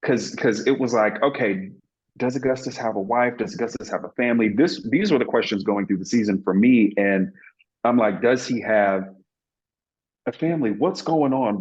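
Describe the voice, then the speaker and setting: Earnest man with a low voice. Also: highs cut off. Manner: earnest, reflective, many fillers and restarts. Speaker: actor being interviewed. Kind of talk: casual interview, storytelling.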